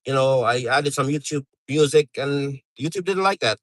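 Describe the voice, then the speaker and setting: A man's voice: mid-range voice, normal speed, fairly bright tone, no echo, low-quality recording. A middle-aged man from Canada chatting casually on a live stream, rambling with lots of fillers and restarts.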